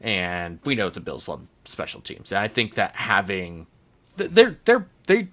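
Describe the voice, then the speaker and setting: A man's voice: lowish voice, huge pitch swings, unhurried, pushed and bright. A man hosting a casual sports podcast, talking in a chatty, rambling way and laughing easily. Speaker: podcast host.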